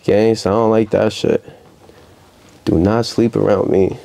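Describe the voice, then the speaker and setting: Young New York man, dark mellow tone, casual storyteller who acts out quotes loudly. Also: lowish voice, flat delivery, a little slow, creaky. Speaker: rapper guest. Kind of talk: casual interview chat.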